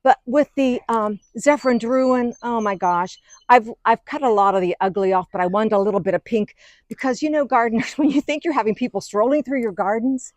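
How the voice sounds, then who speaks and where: A middle-aged woman hosting a gardening vlog, chatting excitedly as she walks through her outdoor garden. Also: a little high, dry recording. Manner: chatty, excitable, gushing over plants. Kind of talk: casual garden walk-through.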